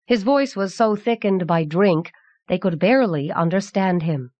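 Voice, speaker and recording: A woman narrating a fantasy novel as an audiobook reader, in a steady, measured voice. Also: lowish voice, no room sound. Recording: dull old cassette audiobook.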